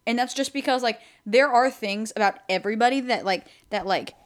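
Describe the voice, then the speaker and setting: A young woman co-hosting a podcast in casual chat, reassuring her friend in relaxed, run-on sentences. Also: on the high side, a little fast. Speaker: podcast co-host.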